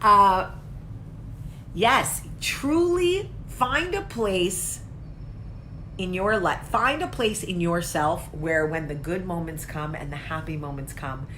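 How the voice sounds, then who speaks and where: A woman's voice: low voice, normal speed, hardly any pauses, pushed and bright, a little hiss or hum. A woman hosting her own casual talk show, chatting loosely to viewers, wandering between tangents, swearing freely and answering viewer comments as she goes. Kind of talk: casual live chat to viewers.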